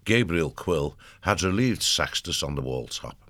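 This audiobook narrator's voice is extremely low, and he tells the story steadily and with measure into a close studio microphone, free of echo.

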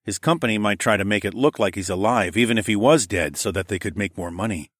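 A man's voice: lowish voice, quick pace, dry recording. A man narrating a first-person audiobook in a wry, dry manner with muttered asides.

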